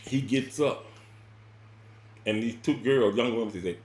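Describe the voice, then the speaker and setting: A man telling a personal story in casual spoken style, rambling and repeating words, with sudden loud bursts and quiet drops. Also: mid-range voice, lively intonation, normal speed, roomy sound.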